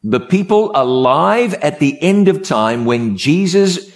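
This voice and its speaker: A man's voice: on the high side, expressive, takes it slowly. Man preaching with emphatic storytelling. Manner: storytelling, emphatic with repeated phrases. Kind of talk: sermon.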